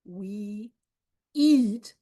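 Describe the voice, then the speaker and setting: Brief: a woman putting on a blunt, greedy big crocodile, gruff and drawn out. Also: medium pitch, very slow, warm tone, voice pushed down.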